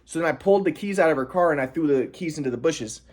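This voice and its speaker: A young man telling a personal story in a vlog, earnest and aggrieved, stressing how calm he stayed. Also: fairly high pitch, fast. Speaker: vlogger.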